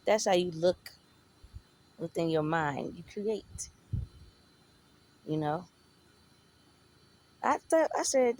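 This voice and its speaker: Slow-talking woman telling a rambling story. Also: on the low side, animated, a little mellow. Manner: rambling, profane, conversational. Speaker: vlogger. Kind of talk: casual storytelling.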